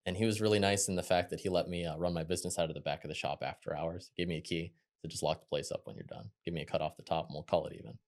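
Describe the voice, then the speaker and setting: A young man, telling stories from his working life as a podcast guest in a quick, chatty way. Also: sits low. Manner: quick, chatty, animated when quoting others. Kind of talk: casual interview storytelling.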